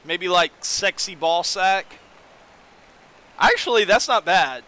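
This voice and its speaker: A young man casually commentating a baseball video game on a live stream, joking with his chat and getting excitable. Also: sits high, takes it slowly.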